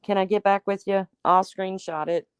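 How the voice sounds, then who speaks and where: A woman's voice: medium pitch, fairly even intonation, moderate pace, clear, resonant tone, no room sound. A woman hosting a casual livestream, chatting and teasing as she answers viewers by name. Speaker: livestream host. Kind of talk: casual livestream chat reading viewer comments.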